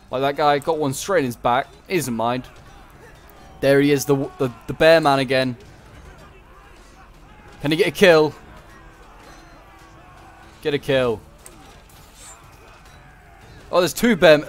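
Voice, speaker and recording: Man of mid pitch for relaxed game commentary, chatty and meandering with wry jokes and mid-sentence corrections. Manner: rambling, self-correcting, joking asides. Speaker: gameplay commentator. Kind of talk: casual strategy game commentary.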